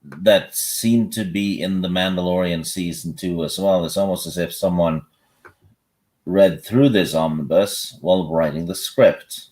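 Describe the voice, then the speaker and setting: Very deep-voiced blunt man. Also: fairly even intonation, a little slow, darkish tone. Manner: blunt, dry, hesitant with many fillers. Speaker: podcast co-host. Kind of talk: casual live-stream chat.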